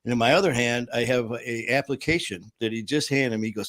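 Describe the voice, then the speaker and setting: Animated storytelling man, dry sound. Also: mid-range voice, brisk, dry recording. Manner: animated storyteller, acts out quotes, frequent fillers and laughs. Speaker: show host. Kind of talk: casual storytelling chat.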